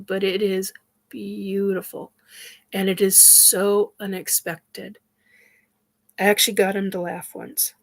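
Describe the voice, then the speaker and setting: A woman hosting a casual spiritual chat, talking in a halting way with many fillers and sighs, her nose stuffed up from crying. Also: mid-range voice, level tone, gravelly. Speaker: host.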